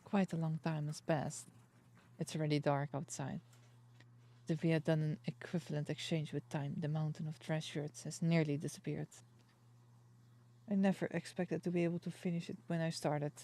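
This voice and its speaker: A young woman streamer reading a story game aloud, steady in the narration and breaking into excited outbursts. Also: deep voice, normal speed. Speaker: virtual streamer. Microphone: streaming mic. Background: soft game music.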